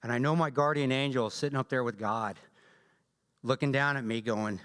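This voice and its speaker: A man's voice: mid-range voice, fairly quick, clean tone. Joking Southern man telling war stories. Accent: Southern US drawl. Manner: animated, joking, blunt storyteller. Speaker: guest speaker. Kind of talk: storytelling talk to a church audience. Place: large church hall. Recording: long echo of a large church hall.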